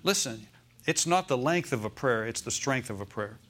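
An expressive, fairly bright medium-pitched voice belongs to an American pastor preaching at a moderate pace in a church sanctuary. He emphasizes and repeats key phrases while asking the congregation if they follow.

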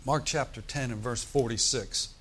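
A male pastor delivers a lively sermon, calling out to his congregation for responses. He swings from loud, rising bursts to quiet, low asides, and his voice sits at an ordinary pitch for a man. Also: moderate pace, a little hiss or hum. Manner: energetic preaching, calls for congregation response, swings between loud and soft.

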